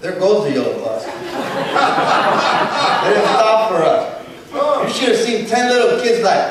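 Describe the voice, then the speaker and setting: A high-pitched man from Southern California delivers a motivational keynote in a large convention hall, speaking slowly with frequent pauses while a crowd murmurs behind him. He tells stories animatedly, acting out dialogue and switching into Spanish for some of it. The audio is echoey and distant, with faint noise.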